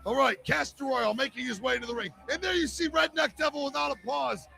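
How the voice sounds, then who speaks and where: A man doing loud, profane comic wrestling play-by-play commentary. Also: very high-pitched, a little fast, vocal fry, soft background music.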